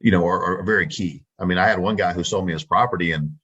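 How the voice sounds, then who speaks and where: Deep husky Texan man talking shop. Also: fast, a bit bright, muffled recording. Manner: confident, chatty, acts out phone scripts. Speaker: guest, real estate wholesaler. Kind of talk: casual interview talk.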